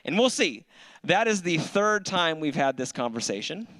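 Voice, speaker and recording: A man's voice: a little high, very animated, normal speed, fairly bright tone. A man in his thirties doing a stand-up set on a club stage, telling dry, self-mocking stories into a handheld mic. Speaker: stand-up comedian.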